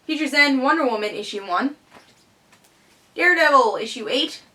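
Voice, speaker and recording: A woman giving a casual comic book review on her vlog, excitable and fond of rhetorical questions. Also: sits high, moderate pace.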